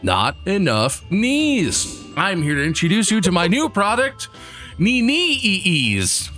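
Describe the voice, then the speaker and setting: A smarmy quack doctor, as a man puts him on, sells his product in a raised, drawn-out infomercial voice. He leans on every word like a late-night ad. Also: wildly swooping pitch, pushed and bright, faint music behind, exaggerated voice. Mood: pitching. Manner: salesman pitch, slow and emphatic. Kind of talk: comedy infomercial bit.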